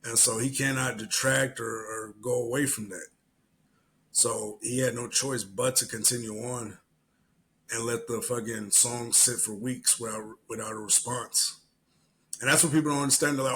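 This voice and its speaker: A man hosting a solo podcast, telling animated, profane stories and giving his opinions. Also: mid-range voice, moderate pace, a little hiss or hum, low-quality recording. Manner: profane, animated storyteller who acts out other people's lines. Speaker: podcast host. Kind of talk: solo podcast commentary and storytelling.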